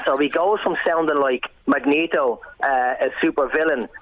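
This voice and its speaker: A man's voice: medium pitch, phone-quality sound, slight background noise. A man with a west Dublin accent, a radio panelist ranting bluntly with laughs in a casual chat. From Ireland. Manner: blunt, animated, laughing ranter. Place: radio studio.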